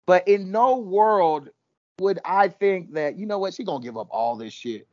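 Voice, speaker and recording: A podcast host in a casual recap chat, talking in an animated, mocking way. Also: medium pitch, moderate pace, no echo, highs cut off.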